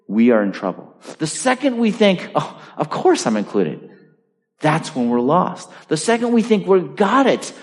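In a reverberant hall, a middle-aged man delivers a sermon as pastor, forceful and heavy with rhetorical questions. His voice is a little high yet darkish.

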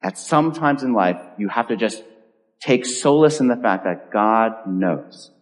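In a voice on the low side, this pastor from California preaches unhurriedly, telling a story and animatedly voicing the people in it. Long hall reverb surrounds his sermon.

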